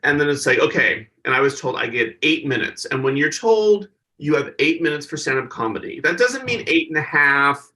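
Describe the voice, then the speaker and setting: A man's voice: fairly high pitch, sing-song, brisk, few pauses, sharp tone, far from the mic, poor audio. A male stand-up comedian, a podcast guest, animatedly telling an anecdote and acting out other people's voices.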